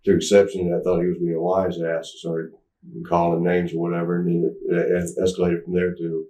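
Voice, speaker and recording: Middle-aged man, interview guest, loose stop-start storyteller; deep, dark tone, recorded at a distance in an echoey room. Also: monotone, brisk. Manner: rambling, stop-start storytelling, acts out quotes loudly.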